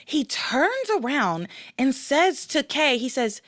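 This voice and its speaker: A woman's voice: high-pitched, slow, few pauses, no room sound, clean studio sound. A woman hosting a podcast, recapping a show in casual chat and acting out the characters' lines as she tells it. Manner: animated, acts out characters' lines mid-story. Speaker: podcast host.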